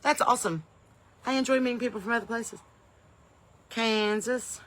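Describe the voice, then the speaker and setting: A woman's voice: on the high side, moderate pace, a bit bright. A woman comedian hosting a live stream from her home porch in the evening. She greets viewers in folksy, upbeat bursts and wanders off into rambling asides.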